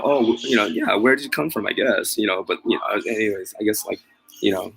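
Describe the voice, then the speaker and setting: A fast-talking man with a lowish, slightly bright voice and fairly even intonation chats with live viewers as a mobile pet groomer vlogger. His talk is rambling and self-deprecating, packed with laughter, fillers, and restarts, and the audio is poor.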